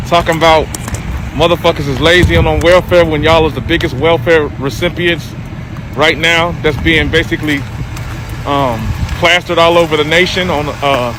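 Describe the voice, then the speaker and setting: A man's voice: fairly high pitch, background noise. A man giving hesitant, scornful casual vlog commentary outdoors.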